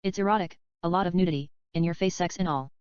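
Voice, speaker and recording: A woman reading the part of a chatty, dreamy male screenwriter in a plain, even voice. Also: lowish voice, quick pace, clean tone, dry recording, close to an everyday voice. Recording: dull, slightly lo-fi dry recording.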